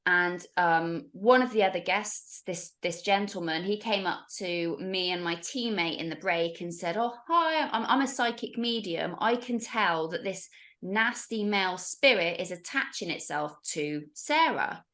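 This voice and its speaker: A woman's voice: lowish voice, unhurried. Woman telling a story. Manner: animated, acts out the voices of others. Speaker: podcast guest. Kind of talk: storytelling in casual chat.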